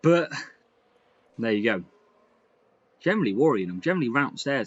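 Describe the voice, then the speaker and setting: A man giving lively, excitable commentary over a racing game he is playing. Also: mid-range voice, normal speed, husky, lo-fi sound. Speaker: gaming YouTuber. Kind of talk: gameplay commentary.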